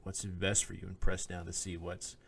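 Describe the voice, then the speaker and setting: Low-voiced man telling a personal story. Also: completely flat delivery, normal speed, creaky, a bit bright, slightly rough. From Oklahoma. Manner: storytelling, acts out quoted lines, laughs often. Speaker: podcast co-host, minister. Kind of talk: casual chat, personal story. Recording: podcast microphone.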